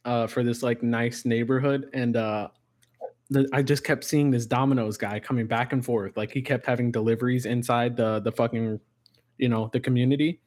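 A man's voice: mid-range voice, normal speed. A man co-hosting a podcast, telling stories in casual chat with heavy swearing and lots of energy. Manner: animated storyteller, heavy swearing. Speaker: podcast co-host.

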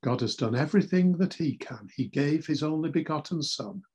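A man preaching a sermon in a measured, earnest way, reading scripture aloud. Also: on the high side, animated, a little mellow, breathy edge.

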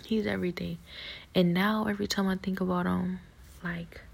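A woman giving a personal faith testimony in a soft, halting voice that often drops to a half-whisper. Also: lowish voice, fairly even intonation, creaky, breathy edge.

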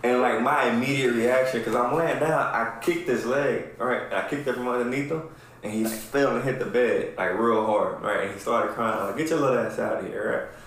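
Brief: male podcast host, swears a lot, animated storyteller, very roomy echo, faint room noise. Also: mid-range voice, moderate pace. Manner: profane, animated, keeps asking "right?". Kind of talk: casual storytelling chat. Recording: very echoey room.

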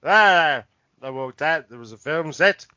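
A man's voice: a little high, expressive, unhurried, sharp tone, no room sound, dull audio. Male podcast co-host, rambling swearing storyteller, dry room. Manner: rambling anecdote, frequent laughter and swearing. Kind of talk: casual chat.

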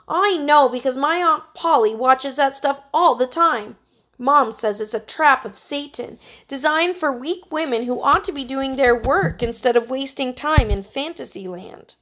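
A woman's voice: high-pitched, measured pace, fairly bright tone, pitched above the performer's own voice. A woman voicing an earnest young girl who scolds her friend sternly and emphatically. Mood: scolding.

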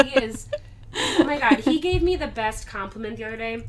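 A woman's voice: fairly high pitch, brisk, a loud crowd. A young woman teacher chatting casually with friends, telling classroom stories and acting out her students' voices. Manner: animated storyteller, acts out kids' voices, swears freely. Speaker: elementary school teacher.

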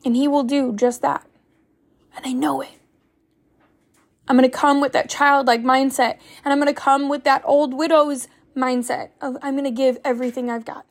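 A woman's voice: sits high, flat delivery, brisk, hardly any pauses. A young woman, a stay-at-home mom, giving an earnest, preachy faith-based motivational talk full of rhetorical questions as a podcast host.

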